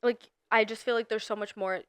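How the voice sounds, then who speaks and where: A woman's voice: on the high side, fairly quick, smooth, dry recording. Rambling young woman chatting, dry sound. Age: young adult. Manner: rambling, many "like" fillers, animated bursts. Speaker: podcast co-host. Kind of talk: casual chat.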